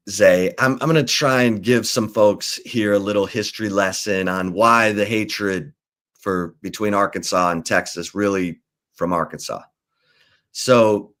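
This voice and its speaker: A man hosting a sports talk show, telling football history in a relaxed, rambling way with fillers and restarts. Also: on the low side, a little slow. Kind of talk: casual sports talk and storytelling.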